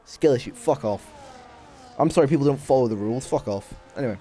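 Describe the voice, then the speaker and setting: A young man delivers excitable, sweary live commentary on a sim race, bantering with his chat as he goes. His voice is mid-range and he talks fast, with slight background noise.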